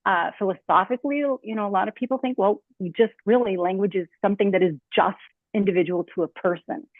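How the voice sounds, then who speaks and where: A woman's voice: mid-range voice, fast talker, no echo. A woman speaking as a designer on a panel, talking casually with many fillers and acting out spoken examples. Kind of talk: online talk on speech design. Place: home, on a video call. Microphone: computer mic on a video call. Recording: tinny phone-like video call audio.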